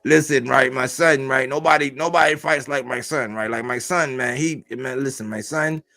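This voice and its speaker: A man's voice: medium pitch, fairly even intonation, normal speed, vocal fry, pushed and bright, dry recording, voice pushed down. A man putting on a boastful father who rambles on about his boxer son, repeating himself over and over.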